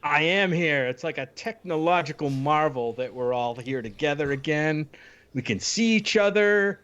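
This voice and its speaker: Podcast co-host guy, kinda halting, lots of yeahs and ums. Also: fairly high pitch, animated, a bit bright, clear, resonant tone, lo-fi sound. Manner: halting, with fillers. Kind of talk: casual chat.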